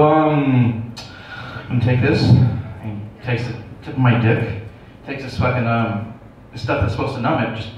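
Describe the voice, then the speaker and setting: A man's voice: medium pitch, slight background noise. Profane male comic in an echoey room. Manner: profane, self-mocking storytelling. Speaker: stand-up comedian. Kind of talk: stand-up storytelling. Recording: echoey room, distant dull mic.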